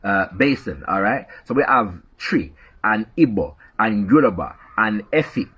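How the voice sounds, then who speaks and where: A man's voice: on the low side, animated, measured pace, fairly bright tone, husky. A man with a Jamaican accent lecturing in commentary, sprinkling in "yeah?" as he makes his points. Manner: lecturing, tag questions like "yeah?". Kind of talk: explanatory commentary. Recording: dull lo-fi recording.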